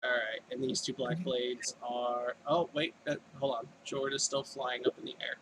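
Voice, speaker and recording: A man's voice: mid-range voice, level tone, normal speed, noisy background. A man running a tabletop game as dungeon master, casually tallying dice rolls and narrating the fight. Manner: casual, rolling dice and tallying damage aloud.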